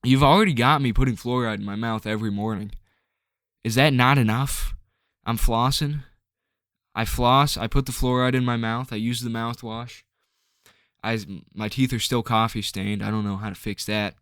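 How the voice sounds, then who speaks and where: A man's voice: mid-range voice, steady tone, measured pace, a bit bright, clean tone, dry recording, studio quality. A man ranting to camera in a rambling, frustrated way, full of filler words and restarts. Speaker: vlogger.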